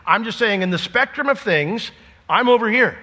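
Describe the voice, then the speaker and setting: A middle-aged man preaching a sermon, lively and joking, acting out imagined conversations before dropping to a quieter, earnest tone. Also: high-pitched, normal speed, in a large hall. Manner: animated, jokey, acts out imagined dialogue.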